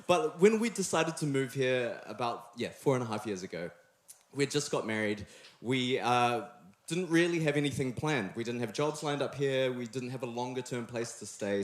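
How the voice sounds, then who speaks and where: Young New Zealand man preaching, chatty and playful with the crowd, reverberant church hall. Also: medium pitch. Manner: friendly, joking, chatty with the room. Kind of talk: sermon. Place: church hall before a live congregation.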